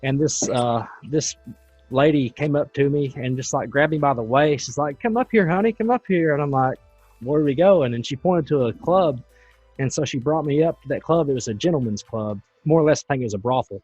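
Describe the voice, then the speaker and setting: A man hosting a podcast, telling a story in a loose and animated way. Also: medium pitch, a little fast, slightly rough, no room sound, faint music behind. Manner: animated, tells stories in a loose, chatty way. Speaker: podcast host. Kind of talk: casual storytelling. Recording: dull, dry, lo-fi sound.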